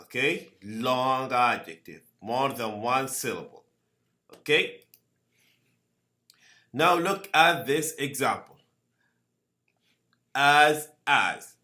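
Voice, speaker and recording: Slow, bright-voiced male teacher. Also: mid-range voice. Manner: slow, repeats words and asks "okay?" often. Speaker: English teacher. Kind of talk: grammar lesson.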